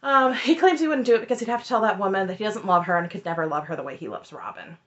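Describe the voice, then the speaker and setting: A woman in her thirties delivers an opinionated TV recap with a lively voice that swoops up and down. She sounds sarcastic and exasperated, and she laughs often as she talks. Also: medium pitch, very fast, muffled recording. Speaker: reality TV recap YouTuber.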